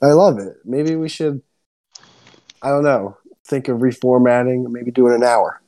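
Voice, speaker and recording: A young man co-hosting a podcast, ranting excitedly and swearing a lot in casual chat. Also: normal speed. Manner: excitable ranting, heavy swearing, swings up high when worked up. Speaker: podcast co-host.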